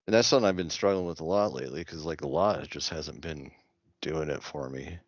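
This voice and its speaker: A man's voice: rumbling low, fairly quick, dry recording, lo-fi sound. A man co-hosting a podcast, talking hesitantly with lots of fillers in casual chat. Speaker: podcast co-host.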